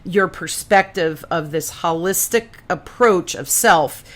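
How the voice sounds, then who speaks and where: A woman hosting a podcast, chatting casually and telling stories in an animated, exclamatory way. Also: on the low side, slow pace. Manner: animated storyteller, exclamatory, slangy. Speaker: podcast host. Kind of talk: casual chat.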